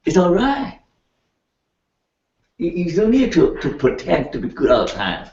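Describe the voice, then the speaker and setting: A man's voice: on the high side, measured pace. Older man lecturing in an echoey hall. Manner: animated, laughing, keeps asking the class "right?". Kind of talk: classroom lecture. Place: lecture room. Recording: echoey, distant, dull room recording.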